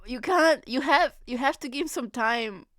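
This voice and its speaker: Giggly young woman streamer, slow and bright. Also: high voice, no echo, clean studio sound. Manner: giggly, laughs often between phrases. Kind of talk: casual live-stream chat.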